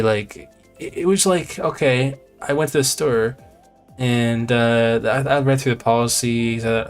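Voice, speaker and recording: A man live-streaming a game, telling a long rambling story in casual chat. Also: medium pitch. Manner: rambling, retells conversations at length. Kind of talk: casual storytelling while gaming.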